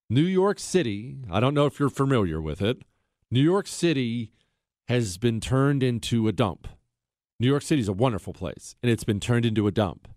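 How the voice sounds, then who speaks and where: A man hosting a talk radio show, telling a story in an animated way with sarcastic asides, recorded on a dry close studio mic. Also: mid-range voice, no echo.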